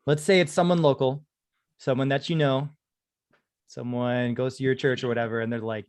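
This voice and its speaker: A man's voice: mid-range voice, steady tone, normal speed, pauses often, darkish tone, dry recording. Casual man host asking questions, dry sound. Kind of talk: casual panel discussion.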